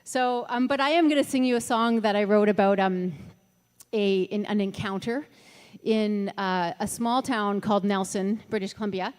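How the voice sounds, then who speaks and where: Speaking in a large hall, this middle-aged Ontario singer-songwriter talks between songs of her live outdoor festival set, wandering off-track, laughing often and restarting with many fillers. Her darkish, smooth mid-range voice keeps a fairly even intonation and a moderate pace.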